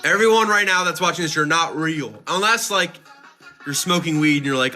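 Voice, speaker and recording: Music plays clearly behind a man livestreaming, whose bright, pushed voice sits on the high side. Animated and brisk, he reads chat messages aloud and fires back sarcastic, jokey answers full of swearing.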